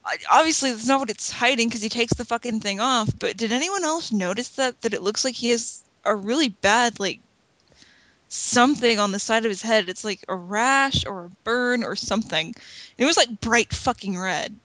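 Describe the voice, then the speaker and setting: A woman's voice: a little high, normal speed, a bit bright, dry recording, rough recording. A woman co-hosting a podcast, blunt and sweary in casual chat. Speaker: podcast co-host.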